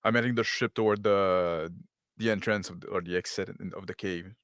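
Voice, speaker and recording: Brief: male tabletop player, smooth voice, dry sound, casual stop-start delivery. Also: deep voice, steady tone, fairly quick, a bit bright, no room sound. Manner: casual, stop-start narration of his own actions. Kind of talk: in-character tabletop role-play.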